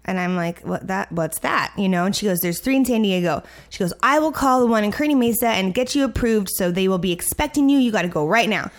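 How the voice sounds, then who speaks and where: A woman's voice: medium pitch, quick pace, hardly any pauses. A young adult woman telling a story in casual chat, acting out the voices of the people in it. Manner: animated, acts out quoted voices. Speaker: podcast co-host.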